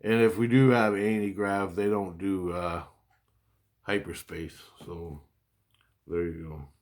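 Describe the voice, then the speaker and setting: Man, low-ish voice, very slow delivery, casual rambling storyteller who repeats himself and swears a little. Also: fairly even intonation. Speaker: vlogger recounting spiritual experiences.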